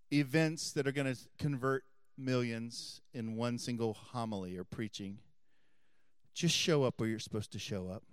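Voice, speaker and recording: A middle-aged man, a Catholic priest, preaching a homily and telling a story earnestly, dropping his voice soft for emphasis. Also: mid-range voice, clean tone, dry recording, clean studio sound.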